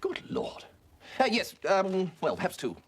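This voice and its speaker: A flustered, stammering young toff. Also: male voice, high-pitched, huge pitch swings, measured pace, breathy edge, heavily acted. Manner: stammering, hesitant. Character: flustered young gentleman, bumbling and evasive. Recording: television drama with music score.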